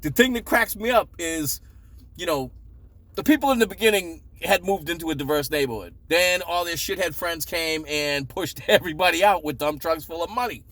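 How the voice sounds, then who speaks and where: A man's voice: on the high side, normal speed, no echo. Profane ranting Boston man. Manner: profane, sarcastic, animated ranting. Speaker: vlogger. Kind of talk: ranting story time.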